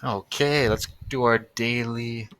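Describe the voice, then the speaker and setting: Slow, bright-voiced male teacher. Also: medium pitch, fairly even intonation, dry recording. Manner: slow, patient, sounding out words. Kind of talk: recorded classroom lesson for children.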